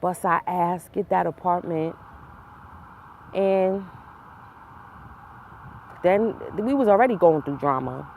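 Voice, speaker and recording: New woman vlogger, low gravelly voice, candid slangy storyteller. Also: takes it slowly, pauses often, slight background noise. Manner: candid, slangy, animated with laughs and asides. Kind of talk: personal storytelling to camera.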